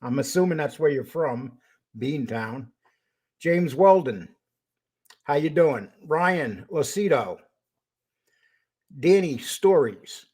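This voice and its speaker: An older man with a husky, slightly raspy voice hosts his own live stream. His pitch sits a little high for a man and swings widely as he talks. He reads out viewer names and speaks bluntly when he argues a point. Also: lively intonation, takes it slowly, pauses often, a little mellow. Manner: greets viewers by name, then turns confrontational. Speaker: host of a live stream show. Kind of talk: casual live-stream talk.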